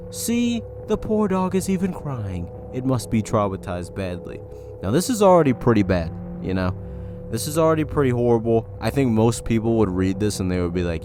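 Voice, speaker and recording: A man's voice: mid-range voice, sing-song, fairly quick, over music. A man hosting a casual commentary video, reacting to posts in a wry, exasperated way. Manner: wry and exasperated, with mock warnings.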